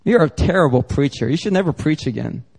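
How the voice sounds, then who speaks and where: A man's voice: a little high, lively intonation, quick pace, gravelly, darkish tone, slightly rough, heavily acted. A man voicing a scornful male devil who mocks and belittles the listener in a sermon. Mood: mocking. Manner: mocking, belittling.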